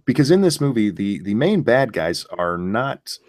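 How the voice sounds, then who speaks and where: A low-pitched man talks in a casual podcast chat, with a voice that swings widely in pitch. He fills in and corrects plot points, quoting lines with relish. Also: big pitch swings, normal speed, darkish tone. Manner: corrects and adds details, quotes the lines with relish. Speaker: podcast co-host.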